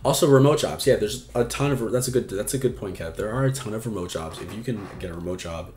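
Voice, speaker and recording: A man's voice: lowish voice, fast, darkish tone. Man, advice stream host, casual frank chat, lots of fillers, echoey room at home. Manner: frank and chatty, swears freely, many fillers.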